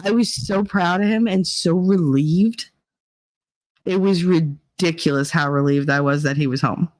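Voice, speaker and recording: Brief: chatty middle-aged woman, lively storyteller, dry close-up sound. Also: lowish voice, measured pace, dry recording, rough recording. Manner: animated storytelling, acting out quotes. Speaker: vlogger. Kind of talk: casual monologue vlog.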